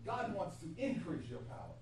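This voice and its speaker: A woman preaching a sermon in an animated, laughing way. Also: fairly low pitch, moderate pace. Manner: animated, laughing, acts out God's voice. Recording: echoey hall from far off, faint hum.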